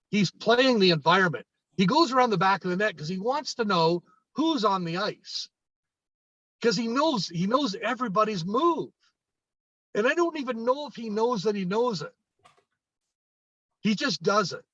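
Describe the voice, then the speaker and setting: A sales coach from Canada, guesting on a podcast, tells conversational anecdotes, acting out lines of dialogue and often restarting or repeating himself. His voice is high-pitched, pushed and bright. The recording is dry, dull and lo-fi.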